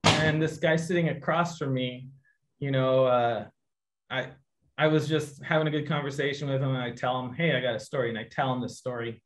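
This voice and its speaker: There's slight background noise as this man talks fairly quickly in a mid-range voice. As a guest artist doing a painting demo, he tells a casual story to viewers online, lively and acting out each quoted voice.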